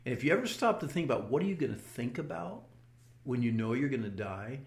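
A man's voice: mid-range voice, very animated, fast, gravelly, echoey room. An older man earnestly recounting a personal experience in an interview, often restarting his words. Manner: earnest storytelling with repeated restarts. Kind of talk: personal testimony.

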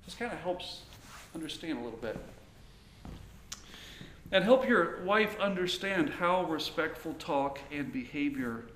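A middle-aged man preaches in a relaxed, conversational way, slipping into quick acted-out snippets of dialogue. His voice sits a little high for a man. The sound is roomy, with faint ambient noise behind him. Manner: animated, acts out quoted dialogue. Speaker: pastor teaching on marriage. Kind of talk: conversational sermon.

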